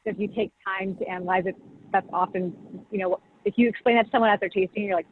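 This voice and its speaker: A fast-talking champagne brand director with a medium-pitched voice and steady tone chats over a video call about tasting. She uses "like" and "you know" constantly, and the call audio comes through tinny with a faint hiss.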